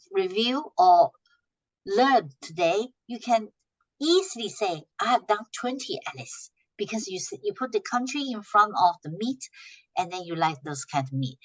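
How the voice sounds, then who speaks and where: A woman teaching a language class, patiently repeating short phrases slowly for her students to echo. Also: mid-range voice, lively intonation.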